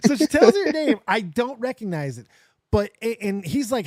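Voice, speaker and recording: A man in his forties tells a story on his stream in a high, bouncing voice that climbs and dips with every turn. He swears freely and plays out each side of the conversation himself. The sound is dry and close, with no room around him. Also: normal speed, no echo. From Las Vegas, USA. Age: 40s. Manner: animated, swears often, acts out both sides of dialogue. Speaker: livestream host. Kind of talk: casual storytelling.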